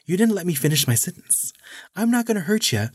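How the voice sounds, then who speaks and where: A man's voice: sits high, sing-song, fast, husky, dry recording, studio quality, pitched above the performer's own voice, full character voice. A man voicing an unhinged, mocking male madman in a sing-song, laughing, menacing way.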